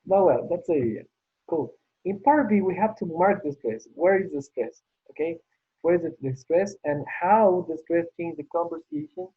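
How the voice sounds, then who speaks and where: A man's voice: on the high side, expressive, moderate pace, slightly rough. A man teaching an English class online, patiently repeating praise as he works through the exercises. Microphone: video call. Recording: tinny phone-like call audio.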